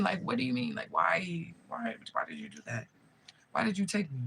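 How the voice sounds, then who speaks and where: A woman's voice: mid-range voice, big pitch swings, brisk, vocal fry, bright, forceful tone, breathy edge, low-quality recording. A woman around forty, a spiritual medium, talking straight to camera in a raw, profane, rambling way, often asking listeners if they follow her. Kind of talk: emotional direct-to-camera vlog.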